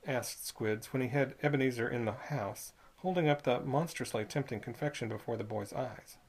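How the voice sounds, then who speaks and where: An audiobook reader narrating a period story in a measured, expressive way. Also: mid-range voice, breathy edge.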